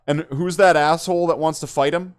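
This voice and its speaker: A man's voice: on the high side, fairly even intonation, brisk, clean tone. Rambling, joking man on a podcast. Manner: rambling, joking, swears a lot. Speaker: podcast host. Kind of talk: casual profane chat.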